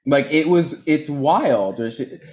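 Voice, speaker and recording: A man hosting a podcast in casual chat, recapping with animated gossip and frequent laughter. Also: fairly high pitch, slow. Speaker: podcast host.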